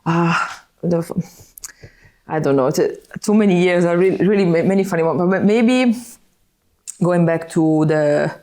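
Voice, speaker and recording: A woman's voice: lowish voice, moderate pace, darkish tone. An Italian woman from Sardinia, a DJ, chatting in an interview with many restarts and frequent laughs. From Sardinia, Italy. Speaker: DJ and guest. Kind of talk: casual interview chat.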